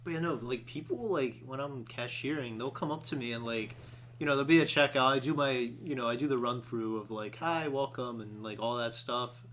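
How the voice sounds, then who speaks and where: A man's voice: mid-range voice, fairly quick, fairly bright tone, a little hiss or hum. A man co-hosting a podcast, speaking in an exasperated, emphatic way while chatting casually. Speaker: podcast co-host. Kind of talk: casual chat.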